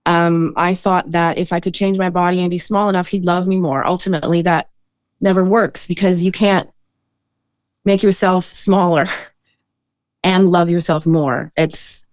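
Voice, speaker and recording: A woman who works as a boudoir photographer, guest on a podcast, talking in an earnest, reflective way with frequent pauses and hesitations. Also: fairly low pitch, a little mellow, dry recording. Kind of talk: casual interview talk.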